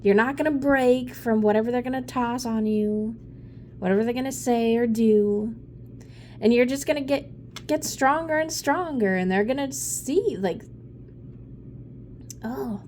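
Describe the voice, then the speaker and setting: A woman's voice: fairly high pitch, a little slow, pauses often, a little mellow, a little hiss or hum. Woman doing a tarot reading, swears a lot, rambly, takes her time. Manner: blunt, profane and rambling, with frequent laughs and sighs. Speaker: tarot reader. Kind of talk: casual off-the-cuff reading.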